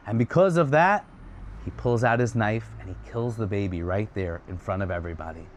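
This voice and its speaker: A man retelling a religious story in a casual, chatty way, swinging between excited and hushed. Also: on the low side, brisk, slight background noise. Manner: animated, swings from loud excited to hushed soft; chatty asides.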